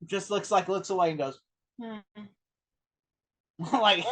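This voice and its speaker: A man in a casual film discussion, retelling behind-the-scenes stories in a rambling, animated way with lots of fillers. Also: sits high, takes it slowly. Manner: rambling, animated anecdote-telling with many fillers. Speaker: film review co-host.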